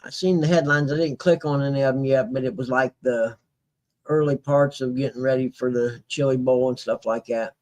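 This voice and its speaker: A man's voice: mid-range voice, fairly even intonation, moderate pace, darkish tone. A man hosting a casual talk show, laid-back, laughing often and reading posts aloud. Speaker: show host. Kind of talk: casual chat.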